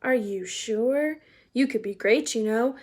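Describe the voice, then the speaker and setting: A woman voicing a wise old male talking hat in a storybook reading, speaking in a soft, musing, half-whispered way. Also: a little high, unhurried. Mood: coaxing.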